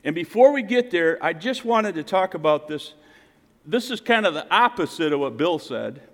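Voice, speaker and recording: A man's voice: very animated, normal speed. Preaching man in a reverberant hall. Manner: swings between loud emphatic calls and quiet low asides to the congregation. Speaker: pastor. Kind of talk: sermon.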